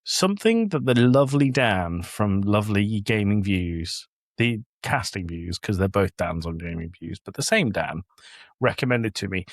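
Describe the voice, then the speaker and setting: This Englishman's voice sits fairly low, and he talks at a moderate pace with no room sound in a clean studio. An adult podcast host and parent of a young child, he chats casually, spinning stories and performing the quotes with animation.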